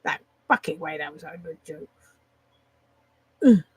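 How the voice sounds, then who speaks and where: A woman's voice: sits low, animated, a little slow, darkish tone, slightly rough, no room sound, rough recording. Woman rambling on a live stream, swears a lot, laughs at her own jokes, dry close sound. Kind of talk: casual live-stream chat reading out jokes.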